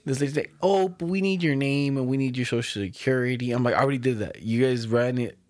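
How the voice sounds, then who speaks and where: A young man telling a story in casual chat, animated and slangy, acting out the other people's lines with frequent laughs. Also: medium pitch, fast talker, no room sound, studio quality. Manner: casual slang-heavy talk. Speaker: podcast co-host telling a story.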